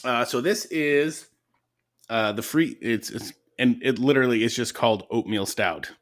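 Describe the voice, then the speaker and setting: A man with an average-pitched voice co-hosts a laid-back podcast. He keeps things light with jokes and playful asides, and his delivery stays casual and conversational. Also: normal speed. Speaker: podcast co-host. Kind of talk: casual chat.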